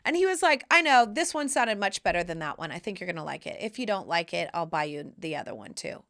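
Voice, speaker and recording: A woman hosts her own podcast in a bright, forward voice. She tells a long personal story in easy, casual talk. When she quotes people she acts them out, her voice jumping up high and dropping low. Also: quick pace. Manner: animated, acts out quotes with big pitch jumps. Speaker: podcast host.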